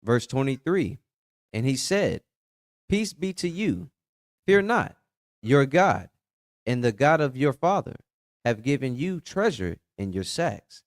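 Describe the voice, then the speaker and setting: A man reading archaic scripture aloud in a steady, plain way during a Bible study. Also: mid-range voice, slow pace, pauses often, dry recording, studio quality.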